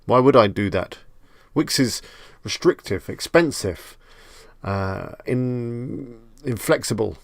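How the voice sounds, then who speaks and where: Male live stream host, gravelly voice, dry close sound, relaxed and chatty, answers viewers as he goes. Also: mid-range voice, takes it slowly, no echo. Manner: chatty, reads viewer comments aloud and answers them; jokey, self-amused asides. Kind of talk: casual live stream chat.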